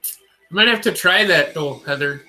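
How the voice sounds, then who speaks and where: A man's voice: fairly high pitch, normal speed, bright, forceful tone, faint music behind. A man hosting a casual livestream chat, loose and profane, talking to viewers by name. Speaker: show host.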